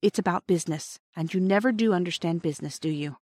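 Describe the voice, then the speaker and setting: A woman reading the part of a gentle, worried mother who soothes her children at bedtime, soft and reassuring. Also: lowish voice, fast, no echo, clean studio sound, natural voice. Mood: earnest.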